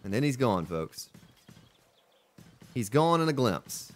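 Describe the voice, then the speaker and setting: A man with a deep voice streaming a survival game, chatting casually and greeting viewers from chat. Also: big pitch swings, slow. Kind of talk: casual live-stream commentary.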